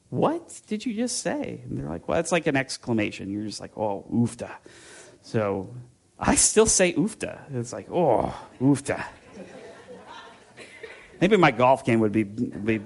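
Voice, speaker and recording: This pastor's mid-range voice has a creaky quality. His sermon is chatty and meandering, wandering through personal anecdotes with fillers and false starts and interrupting himself before arriving at scripture.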